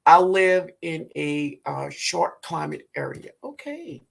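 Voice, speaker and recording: A woman with a New Orleans accent hosting a live gardening show, reading viewer comments aloud in a relaxed way and calling people baby. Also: deep voice, takes it slowly, gravelly. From Louisiana, US. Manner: calls viewers baby, laughs often. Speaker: gardening livestream host.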